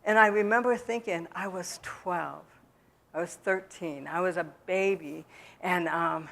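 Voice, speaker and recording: A woman's voice: on the low side, measured pace, vocal fry, fairly bright tone. A woman speaking in a church, telling her personal recovery story in a candid way, with many restarts and fillers. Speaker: speaker giving a testimony. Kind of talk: personal testimony talk.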